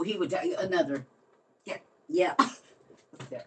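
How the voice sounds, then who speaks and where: A woman who hosts a livestream and tells a story in a casual way. She laughs often and swings between soft, quiet lines and loud ones. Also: fairly low pitch, animated, unhurried, pauses often, recorded from a distance. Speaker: livestream host.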